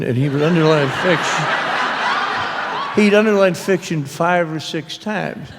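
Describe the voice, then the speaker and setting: A man, an author, telling wry, halting family anecdotes at a library author talk. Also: fairly high pitch, background noise. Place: public library event hall. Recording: reverberant hall.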